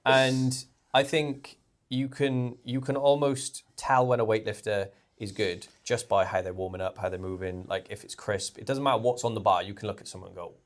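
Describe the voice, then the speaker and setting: Low-voiced sweary podcast host. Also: male voice, normal speed. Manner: casual, sweary, animated. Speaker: podcast host, strength coach. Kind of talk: casual podcast chat.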